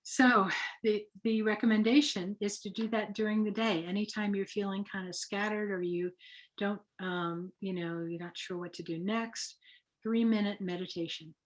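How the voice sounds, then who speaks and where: A woman guiding a group through a breathing meditation on a video call, speaking softly and slowly as she guides, with halting restarts when she explains. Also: medium pitch, steady tone, low-quality recording. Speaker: guest leading a breathing exercise.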